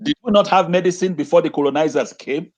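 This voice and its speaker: On a dull-sounding video call, a man with a slightly high voice talks fast. He's there as an interview guest and educator, and his impassioned delivery leans on repeated phrases and rhetorical questions.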